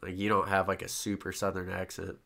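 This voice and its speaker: A man from the United States hosting a podcast, telling stories in an animated way and swearing freely. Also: sits low, a little fast, creaky, a crowd in the background. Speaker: podcast host. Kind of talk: casual podcast chat.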